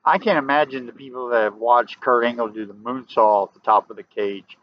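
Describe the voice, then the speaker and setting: A man's voice: mid-range voice, expressive, moderate pace. A man with a Southern US accent, telling a rambling story to camera in a casual vlog, often restarting and turning emphatic. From American South. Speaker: vlogger. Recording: dull lo-fi audio.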